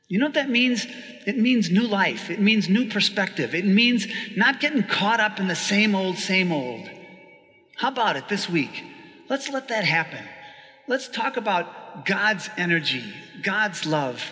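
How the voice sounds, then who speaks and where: A priest preaching in a loose, conversational way, quick to laugh and to ask his listeners if they follow. His voice sits high for a man and rings bright and forceful. A long reverb trails behind every phrase. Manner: chatty and animated, laughing often, asking listeners "right?". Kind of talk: conversational sermon.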